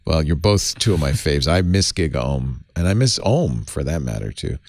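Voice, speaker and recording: A man hosting a casual talk show, lively and chatty, laughing as he reads. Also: very deep voice, moderate pace, no room sound. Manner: lively, laughs while reading aloud. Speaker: host. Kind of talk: casual chat.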